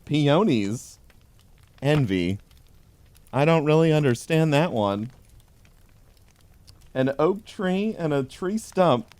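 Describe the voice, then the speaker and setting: A man giving a deadpan comedic reading of a holiday pun book, with dry delivery. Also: on the high side, takes it slowly, long pauses. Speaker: host.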